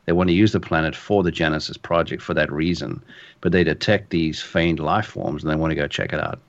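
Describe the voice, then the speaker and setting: A man co-hosts a casual podcast chat with a very low voice. He talks in a thoughtful, hesitant way, often restarting his sentences. The sound is a bit dull and lo-fi. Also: steady tone, brisk. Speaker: podcast co-host.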